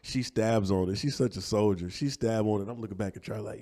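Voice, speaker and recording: Deep husky man telling a story. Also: brisk, few pauses. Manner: animated, slangy, laughs while telling. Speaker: guest. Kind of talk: storytelling in a podcast interview.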